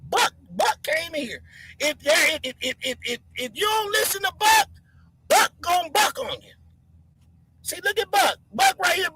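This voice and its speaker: A live stream host giving heated commentary, answering chat and mocking commenters by name while shouting. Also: sits high, dry recording, low-quality recording.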